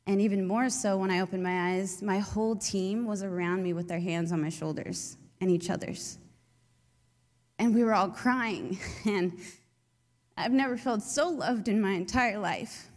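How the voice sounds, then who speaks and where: A woman's voice: medium pitch, measured pace. A young woman, a youth leader, telling her faith story in a chatty way with many fillers. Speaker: youth leader giving testimony. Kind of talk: personal testimony talk. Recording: long hall reverb.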